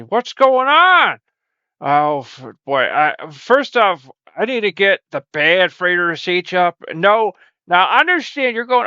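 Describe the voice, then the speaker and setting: A man's voice: high voice, sing-song, a little slow, sharp tone, clear, resonant tone, no echo. A man hosting a comedic skit monologue, stammering and quoting his viewers in mock voices, on a dull lo-fi recording. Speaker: host.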